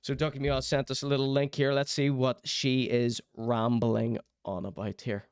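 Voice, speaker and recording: A man's voice: medium pitch, little pitch movement, moderate pace, smooth, no echo, clean studio sound. A man hosting a casual live stream, ranting in theatrical mock outrage. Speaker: streaming show host. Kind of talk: casual livestream commentary.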